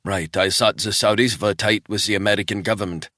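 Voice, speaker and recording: A man voicing a wary, reluctant Swiss man who speaks quietly and doubtfully. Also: fairly low pitch, steady tone, brisk, no echo, studio quality. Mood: uneasy.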